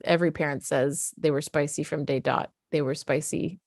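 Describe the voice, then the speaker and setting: A woman's voice: sits low, fairly even intonation, normal speed, vocal fry, darkish tone, dry recording, clean studio sound. A middle-aged woman talking candidly to parents as a parenting coach, casual and frank, swearing freely.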